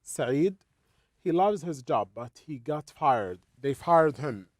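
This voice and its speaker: A man walks students through English grammar, restarting phrases and repeating small words. His voice sits a little high, and the recording is dry and close with no room sound. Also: expressive, no room sound. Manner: halting, repeats words while explaining. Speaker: English teacher. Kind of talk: explaining a textbook lesson.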